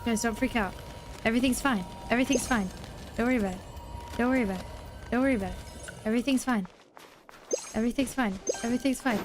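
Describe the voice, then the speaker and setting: A young woman streaming a game, chatting excitedly to viewers and repeating herself when flustered. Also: on the high side, fast, pauses often, over music. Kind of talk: casual gaming stream chat.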